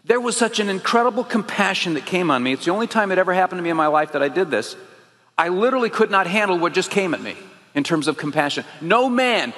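A man's voice: high-pitched, a bit bright, long reverb tail. A man preaching, telling his own story with earnest, emphatic rising phrases. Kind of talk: sermon testimony.

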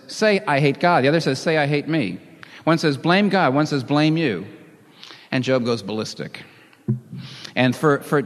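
A man preaching a sermon in a dramatic, animated way, with bursts of emphasis. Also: medium pitch. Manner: lively, dramatic, reads scripture with emphasis and chuckles. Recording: long hall reverb.

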